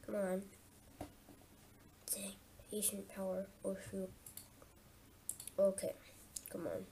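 A woman's voice: medium pitch, completely flat delivery, creaky, dark tone, a little hiss or hum. Sleepy gamer woman commentating casually. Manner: chatty, thinking aloud, quick reactions. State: just woken up. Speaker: let's-play host.

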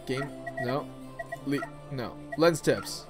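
A man's voice: medium pitch, normal speed, over music. Casual man reading a text game aloud. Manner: casual, offhand, swears, thinks aloud. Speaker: video game streamer. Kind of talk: reading and playing a text adventure.

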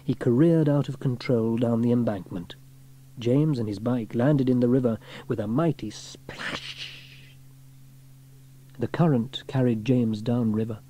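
A man reading a children's storybook aloud in an expressive way. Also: medium pitch, unhurried.

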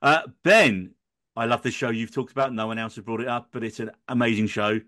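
A man hosts a loose, casual podcast conversation with friends. He jokes and swears for comic effect, and his voice sits in a middle pitch. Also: brisk, bright, forceful tone. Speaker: podcast host.

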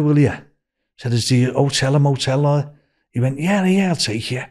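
An older man with a Liverpool accent, telling a rambling story as a podcast guest and raising his pitch for quoted voices. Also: a little mellow. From Liverpool, England.

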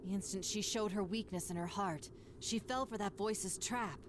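A woman voicing a calm, analytical young woman in a video game, speaking in a measured way. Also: mid-range voice, very noisy, lightly acted. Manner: measured, composed.

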